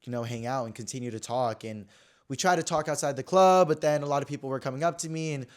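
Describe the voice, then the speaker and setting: A twenty-something man hosts a podcast, telling a personal story in a chatty way packed with fillers. His medium-pitched voice moves fast, and his delivery swings between dramatic and subdued.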